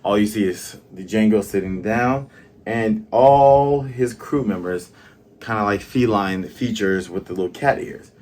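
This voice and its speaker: A man's voice: fairly low pitch, unhurried, a little mellow. A man casually reviewing a manga chapter, retelling the plot and reading the characters' lines aloud. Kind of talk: casual commentary, reading along.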